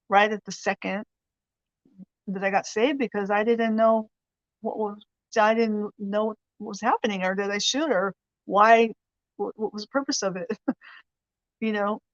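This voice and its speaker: A woman's voice: mid-range voice, a little slow, long pauses, dry recording, muffled recording. A woman hosting a weekly prayer show, giving a chatty, rambling faith lesson with frequent laughs. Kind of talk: casual faith teaching.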